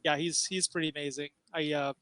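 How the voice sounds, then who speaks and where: A man's voice: on the high side, flat delivery, a little fast, sharp tone, no echo. A man hosting a casual video-call chat. He talks in a loose, laughing way and acts out what a dog is thinking. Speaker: host.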